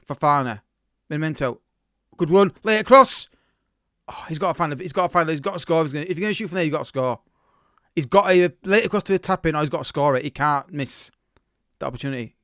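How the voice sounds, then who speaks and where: A man talks through a football management game, reacting as it unfolds and restarting his sentences. His voice is smooth and fairly high. The sound is dry and close to the mic. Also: quick pace, fairly bright tone, no echo. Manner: chatty, reacts live to the match, many restarts. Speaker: gaming YouTuber. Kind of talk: casual game commentary.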